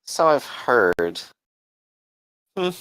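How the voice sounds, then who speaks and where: A man putting on a sly vampire matriarch who smirks down at her visitors from an iron throne. Her teasing questions rise and fall in a lively, singsong way. The sound is close and dry, with no room around it. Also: medium pitch, drawn-out words, clean tone, no echo, voice pushed up, exaggerated voice, rough recording. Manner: smirking, mocking.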